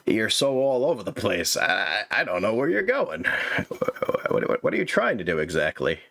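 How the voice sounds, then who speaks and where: Low-voiced guy tearing apart someone's writing, blunt, keeps restarting words. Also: big pitch swings, normal speed, vocal fry, a bit bright. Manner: blunt, corrective, stammering restarts. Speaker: writing critic host. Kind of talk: casual critique of a manuscript.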